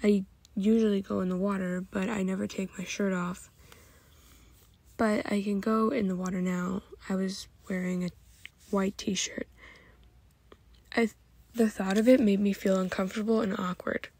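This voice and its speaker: A woman's voice: mid-range voice, level tone, normal speed, vocal fry, long pauses, darkish tone, dry recording. A woman reading fan fiction aloud in a plain, unpolished way with occasional slips. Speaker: reader.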